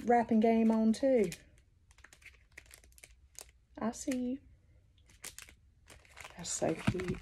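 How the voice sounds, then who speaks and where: A woman's voice: mid-range voice, creaky, background noise. A woman with a Southern US accent from North Carolina, chatting casually and gushing as she unboxes gifts at home for her vlog. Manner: gushing, exclamatory, addresses viewers as y'all. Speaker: haul vlogger. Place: indoors at home, seated in a chair. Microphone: phone.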